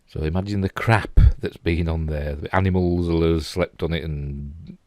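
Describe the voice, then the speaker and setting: This host is a middle-aged Englishman with a Yorkshire accent who chats and rambles casually, adding chuckling asides while commenting on pictures. He has a deep, slightly mellow voice with fairly even intonation at a normal speed, recorded dry and clean in a studio.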